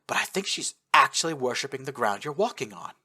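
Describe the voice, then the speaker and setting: A male soldier buddy teases with a sly edge, read by a male storyteller. The voice is bright and animated, in a storybook reading. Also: medium pitch, a little fast, breathy edge, exaggerated voice. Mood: teasing. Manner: sly, teasing.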